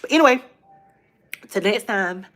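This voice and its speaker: A woman hosting her own livestream, telling a personal story in a lively, casual way, repeating phrases for emphasis. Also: mid-range voice, a little slow, faint music behind. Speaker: livestream host.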